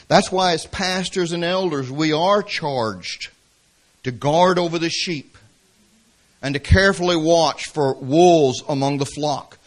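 Southern American pastor, slightly high voice. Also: male voice, expressive, a little slow. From Atlanta, Georgia, US. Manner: emphatic preaching with storytelling asides. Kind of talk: sermon. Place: church service.

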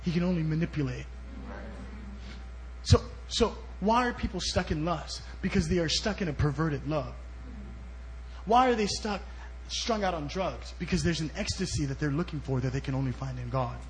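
A man preaching a sermon at a church service as a guest speaker, telling stories and swinging between loud bursts and soft asides. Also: fairly high pitch, lively intonation, normal speed, slight background noise.

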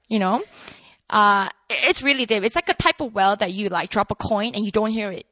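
A woman preaching a casual, conversational sermon, animated and full of asides to the congregation. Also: mid-range voice, fairly quick, no echo.

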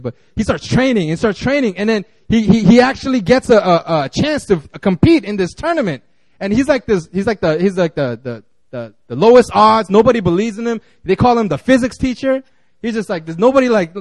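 A man's voice: sits high, no echo. A man giving a casual, conversational sermon, full of fillers and restarts as he talks. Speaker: guest preacher.

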